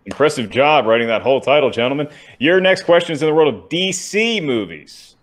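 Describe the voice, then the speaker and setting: A man's voice: fairly high pitch, animated, brisk. A man co-hosting a trivia match, reading questions and teasing the other host with wry jokes. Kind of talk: joking banter and question reading.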